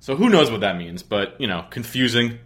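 A man's voice: mid-range voice, very animated, a little fast, fairly bright tone. A man hosting a sports podcast, chatting casually with a sarcastic, rambling, joking manner. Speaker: podcast host.

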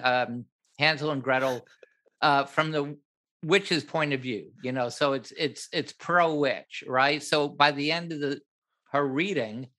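An older man, a film director, telling a story in an interview, animated and acting out what others said. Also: mid-range voice. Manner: animated, acts out other people's lines, laughs at his own story.

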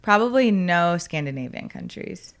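A woman's voice: on the low side, animated, moderate pace, smooth. A woman guest on a podcast in casual chat, laughing often and chatting eagerly. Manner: giggly, chatty.

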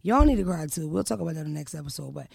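A young adult woman hosting a podcast, telling her story in a casual chat. She speaks in a brash, profane, animated way. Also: low-pitched, rapid-fire, vocal fry, breathy edge, no echo, studio quality. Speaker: podcast host.

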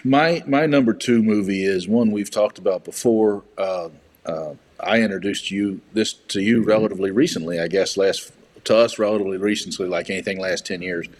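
A man co-hosting a casual movie chat, agreeable and quick to chime in with short affirmations. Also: on the low side, darkish tone. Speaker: podcast co-host.

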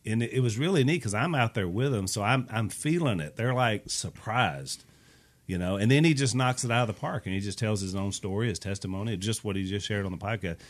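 A man's voice: fairly low pitch, lively intonation, a little fast. A man co-hosting a podcast, a preacher telling a story in casual chat and acting out what other people said. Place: studio table.

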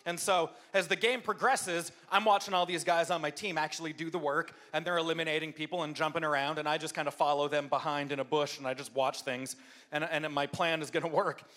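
A man preaching as a pastor to a live church audience, telling a funny self-deprecating story with lively impressions. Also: fairly high pitch, brisk. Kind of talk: humorous storytelling sermon.

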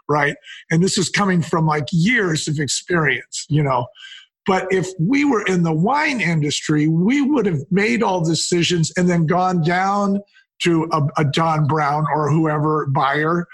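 A man's voice: high voice, measured pace, slightly rough. An older man, a wine company co-founder, telling anecdotes in a casual interview. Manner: anecdotal, quotes people in lively retellings.

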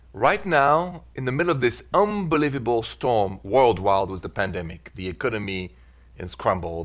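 French-accented man hosting advice radio. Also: lowish voice. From France. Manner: relaxed, chatty, with filler pauses. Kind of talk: call-in advice talk.

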